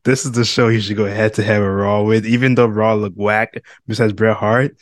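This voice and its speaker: Young man, podcast co-host, casual chat, amused, low voice, dry sound. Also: flat delivery, moderate pace, no room sound. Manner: laughing, amused reactions. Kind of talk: casual wrestling recap chat.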